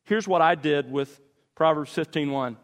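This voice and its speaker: A man delivers a sermon on meditating on scripture, leaning on key words and pausing with care. His voice sits slightly high for a man. A long reverb from the large hall trails after every line. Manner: measured, emphatic teaching with deliberate pauses. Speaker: pastor.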